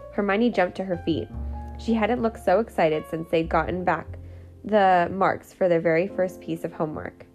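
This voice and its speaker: A woman's voice: on the low side, normal speed, faint music behind. Woman reading a novel aloud. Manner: steady, clear narration with small slips. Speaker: storyteller.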